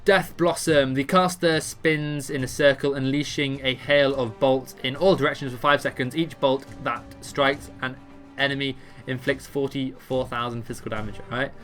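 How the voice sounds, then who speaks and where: A man narrates his gameplay in an offhand, jokey way, reading ability text and tripping over words. His voice is bright and forward, and faint music sits under it. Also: medium pitch, fairly even intonation, normal speed. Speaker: gamer explaining a raid boss. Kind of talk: casual gameplay commentary, reading abilities aloud.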